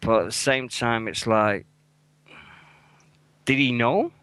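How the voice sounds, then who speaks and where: A man's voice: medium pitch, slow, fairly bright tone, smooth, no room sound, poor audio. A man in his forties with a British accent, co-hosting a casual radio chat, talking bluntly and swearing often. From England. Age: 40s. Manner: swears a lot, blunt and emotional. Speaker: radio co-host.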